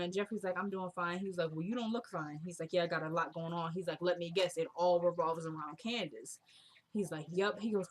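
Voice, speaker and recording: A woman's voice: fairly low pitch, slight background noise. Chatty woman recapping a TV episode. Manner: chatty, retells scenes quoting characters with "she's like". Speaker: TV recap vlogger.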